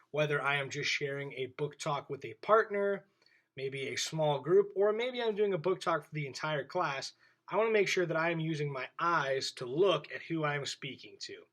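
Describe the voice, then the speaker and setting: A male teacher giving a video lesson to young children, speaking in a clear, friendly voice straight to the camera. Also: fairly high pitch, animated, normal speed, fairly bright tone, poor audio. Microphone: camera in front of him.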